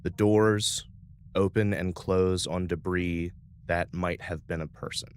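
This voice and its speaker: A man's voice: low-pitched, fairly even intonation, slow, a little hiss or hum. A man narrating as game master in a tabletop space game, casual with fillers.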